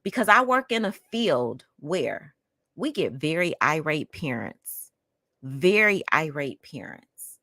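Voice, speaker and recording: A woman's voice: rumbling low, sharp tone, no echo, studio quality. A woman hosting a podcast, telling a personal story in an outspoken, emphatic way and talking straight to her listeners. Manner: emphatic, addresses listeners directly; outspoken and heated. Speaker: podcast host.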